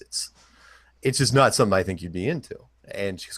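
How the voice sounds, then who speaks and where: A man's voice: on the low side, fairly quick, fairly bright tone, dry recording. A man telling a rambling, jokey anecdote, acting out the other people's lines. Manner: rambling, jokey, acts out quotes. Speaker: podcast host telling a story. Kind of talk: anecdotal storytelling.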